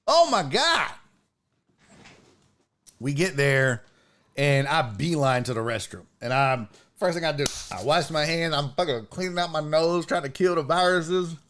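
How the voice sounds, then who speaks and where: Guy ranting on his stream, cussing a lot, voice a bit high and bouncing all over. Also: creaky. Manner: profane, animated, ranting. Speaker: host. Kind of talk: casual stream storytelling.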